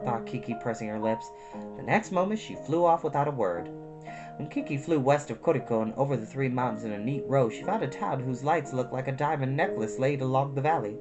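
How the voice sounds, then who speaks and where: Low-voiced woman reading a storybook. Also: moderate pace. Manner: expressive, addresses young listeners. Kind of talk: reading a children's book aloud. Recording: guitar music behind.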